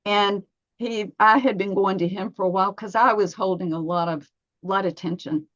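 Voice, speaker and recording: Woman in her fifties, podcast guest, storytelling; mid pitch, dry and slightly dull sound. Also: steady tone, moderate pace, fairly bright tone, no room sound. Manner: storytelling, acts out her own inner dialogue. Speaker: massage therapist guest. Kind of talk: podcast interview.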